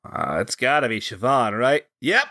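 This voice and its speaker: A man playing a tabletop game, chatting casually and quick to joke and laugh. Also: medium pitch, animated, bright, forceful tone, no echo, studio quality. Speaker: player and guest.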